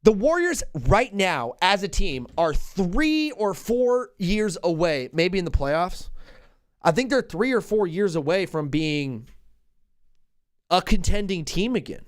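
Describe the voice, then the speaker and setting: Excitable man hosting a sports call-in. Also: sits high, slow pace, dry recording. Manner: excitable, joking, rambling. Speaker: host. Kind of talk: live sports call-in show.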